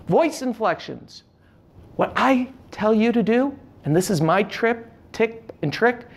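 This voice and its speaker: A man teaching public speaking tips to camera, with an emphatic delivery and demonstrating gestures as he talks. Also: extremely high pitch. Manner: animated, emphatic delivery with shifting inflection. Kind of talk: instructional talk to camera.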